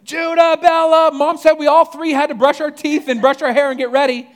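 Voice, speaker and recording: A man putting on the voice of a little girl yelling down the hallway to her siblings, loud and bossy. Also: very high voice, flat delivery, brisk, voice pushed up. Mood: bossy shouting.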